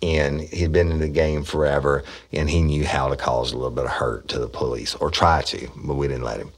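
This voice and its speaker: A middle-aged man with an extremely low, deep voice tells old police stories. He talks in a blunt, folksy, profane way and often restarts his sentences. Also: flat delivery, a little fast. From Louisiana, USA. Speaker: podcast host, former police officer. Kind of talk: casual storytelling.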